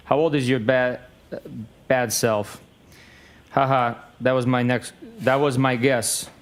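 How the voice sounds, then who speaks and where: A man reading an exchange of text messages aloud in a flat, matter-of-fact way. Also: medium pitch.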